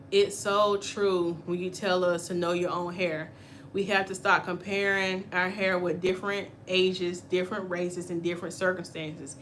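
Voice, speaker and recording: A woman hair stylist hosting a casual spoken class on hair care, talking in an animated, chatty way and acting out the voices of people she quotes. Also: medium pitch, a little hiss or hum. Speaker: natural hair stylist and channel host.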